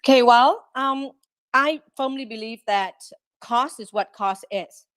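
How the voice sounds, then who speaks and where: A woman running a restaurant, a guest on a podcast interview, talking in an animated way and often acting out quick quotes. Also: on the high side, dry recording. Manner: animated, quotes herself and staff in lively asides.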